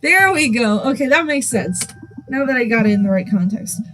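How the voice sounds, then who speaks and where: A woman's voice: a little high, lively intonation, moderate pace, fairly bright tone, a little hiss or hum, low-quality recording. A woman voicing an older male rancher with a put-on Spanish accent, speaking earnestly and dropping in Spanish words.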